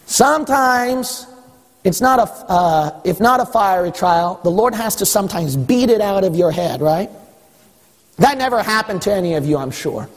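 High, husky-voiced preacher in echoing hall. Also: male voice, lively intonation, normal speed. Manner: emphatic, rhetorical, building to shouts. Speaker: pastor. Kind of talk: sermon. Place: church hall. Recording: long echo of a big hall.

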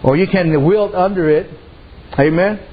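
A man's voice: high-pitched, measured pace, breathy edge. A man preaching a sermon, telling homespun stories and dropping frequent amens. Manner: folksy storytelling, frequent amens and "you know". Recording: muffled with faint background noise.

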